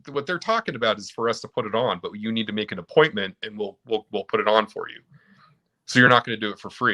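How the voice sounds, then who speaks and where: A man from Utah, a mobile automotive technician appearing as a guest, chats casually and tells work stories, acting out both himself and his customers. His voice is on the low side, pushed and bright.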